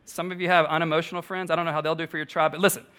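A man's voice: a little high, level tone, very fast, pushed and bright. A male pastor preaching a sermon, emphatic, repeating key lines and putting questions to the congregation.

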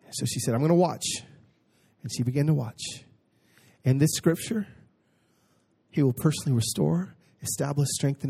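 A man with a slightly higher voice preaches his own testimony as a sermon. He drops to hushed storytelling, then lifts into excited exclamation. When he reads scripture aloud, he slows down and leans hard on each word. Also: breathy edge.

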